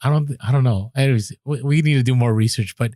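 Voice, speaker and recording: A man co-hosting a casual podcast, chatty and quick with asides, often restarting his sentences. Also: mid-range voice, warm tone, no room sound, clean studio sound. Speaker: podcast co-host.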